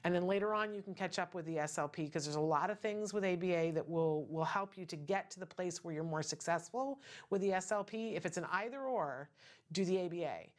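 A woman's voice: fairly low pitch, brisk. A middle-aged woman hosting a casual talk show, chatty and emphatic with many asides and rhetorical questions. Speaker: podcast host.

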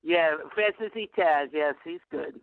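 Heard over the phone in a dry recording, an older caller chats on a talk show in a slightly high, unhurried voice. He rambles amiably and often confuses which games he's picking.

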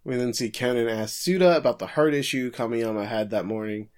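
Man, casual podcast co-host, middle-pitched voice, relaxed plot recap. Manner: recaps plot in long runs, with quick quips and laughs. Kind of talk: casual chat.

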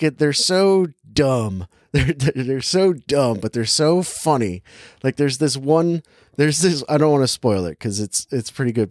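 This young male podcast co-host has a mid-range voice and keeps the movie review loose and chatty, full of filler words and easy laughter. The sound is studio quality with no echo.

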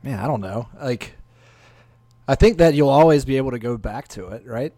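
A man's voice: medium pitch, expressive, moderate pace, warm tone, dry recording. A man chatting as a guest on a casual podcast, easygoing and hesitant, laughing easily. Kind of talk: casual conversational interview.

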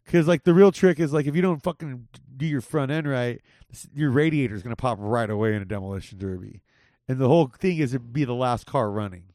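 A man's voice: mid-range voice, brisk, a little mellow, no echo, clean studio sound. A young man hosting a podcast in casual chat, joking and rambling with lots of swearing. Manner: profane, jokey, rambling. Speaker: podcast host.

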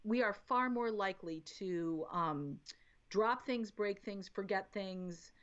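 A woman guest talking about parenting in a casual podcast chat, explaining in an animated way and acting out little quotes. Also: medium pitch, slow pace. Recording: dull lo-fi audio.

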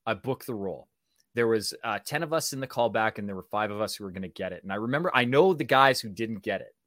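A man with a Canadian accent tells stories in a fairly low voice, animated and playful. The recording is dry and close, with no room sound. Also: fast, no echo. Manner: animated, acts out voices in anecdotes. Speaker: guest, actor and speaking coach. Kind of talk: casual storytelling.

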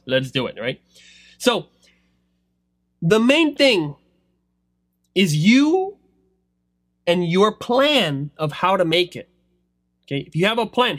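A man giving a rambling motivational talk about online selling, swinging between loud pushes and low asides. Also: no echo, clean studio sound. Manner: rambling, filler-heavy. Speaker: online seller coaching others.

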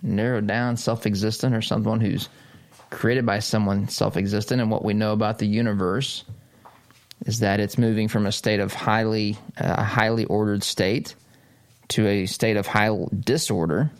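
Guy hosting talk radio, lowish voice, rambly and argumentative, chuckles a lot. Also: fairly even intonation, moderate pace. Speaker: radio talk show host. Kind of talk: conservative talk radio monologue.

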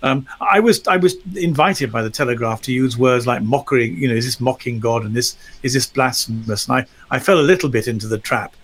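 Middle-aged lecturer guy, wry and articulate, mid pitch. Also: brisk, hardly any pauses, fairly bright tone. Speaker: discussion guest, lecturer in psychology of religion. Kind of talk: storytelling in discussion.

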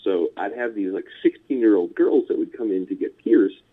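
A man's voice: fairly low pitch, animated, normal speed. A man with a Californian American accent, a punk musician chatting casually as an interview guest, rambling with lots of fillers and chuckles. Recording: tinny phone-line audio.

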